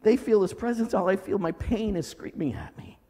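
A male pastor preaching a sermon in a church hall, dramatic, swinging from loud cries to low murmurs. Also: normal speed.

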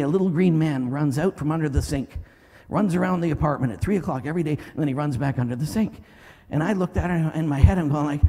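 A middle-aged male pastor preaching a sermon, telling a story with lively energy and breaking into loud commanding shouts. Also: a little high, breathy edge. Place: church sanctuary. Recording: long reverb of a large hall.

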